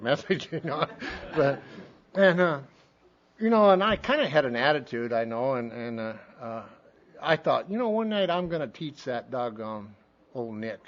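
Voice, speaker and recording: On dull, lo-fi meeting tape, a man from Montana speaks in a medium-pitched, slightly bright voice. He gives a speaker share at a recovery meeting, telling his story in a folksy way and acting out what others said.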